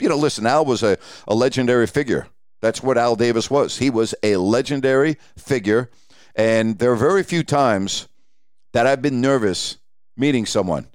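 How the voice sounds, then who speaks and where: A man's voice: mid-range voice, clean tone, no room sound, studio quality. A middle-aged man hosting a podcast, casually telling stories from his sportscasting career and acting out the dialogue. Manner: animated storyteller acting out quoted dialogue. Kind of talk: casual storytelling.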